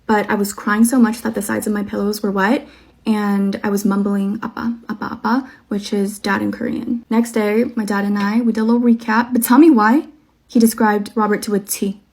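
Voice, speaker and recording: A woman's voice: medium pitch, flat delivery, normal speed, darkish tone. A woman telling a personal story in a chatty, slangy, casual way.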